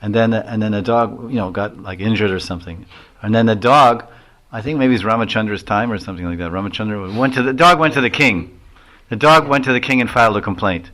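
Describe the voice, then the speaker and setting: Older monk, laughing anecdotal lecture. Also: male voice, on the low side, fairly quick, sharp tone. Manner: rambling, anecdotal, laughs at his own stories. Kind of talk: devotional lecture.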